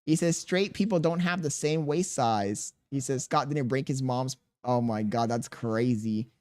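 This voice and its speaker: A man's voice: mid-range voice, measured pace, a little mellow. A man in his thirties streaming live, reading viewers' chat aloud and answering with crude jokes and laughter. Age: 30s.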